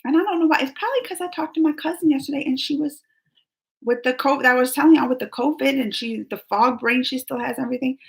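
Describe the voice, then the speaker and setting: A woman's voice: sits high, quick pace, creaky. A woman hosting a casual live-stream chat from home, chipper and chatty, reading viewer names aloud. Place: at home, just out of bed.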